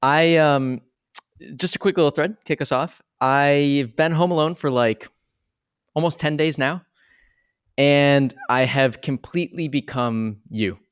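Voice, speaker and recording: A man's voice: on the high side, a little slow, smooth. A young man co-hosting a podcast in casual chat, chatty and self-mocking with lots of fillers. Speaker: podcast co-host.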